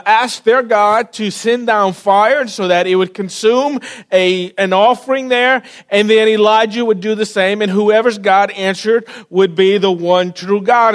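A man with a fairly high voice preaches a sermon. He tells the story in a loose, animated way with casual slang. He sinks to a near-whisper for the quiet moments. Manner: casual, with slang and frequent word repeats. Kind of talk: sermon retelling a scripture story.

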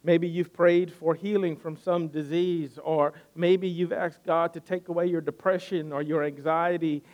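A man's voice: on the high side, steady tone, a little slow, a little mellow. A man preaching a sermon, earnest and building his points by repeating phrases. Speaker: pastor.

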